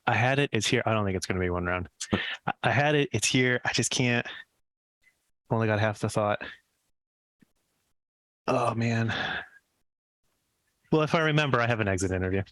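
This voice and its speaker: A man playing an opponent in a game stream, talking haltingly while searching for words. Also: medium pitch, lively intonation, a bit bright, no room sound. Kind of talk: casual game-stream chat.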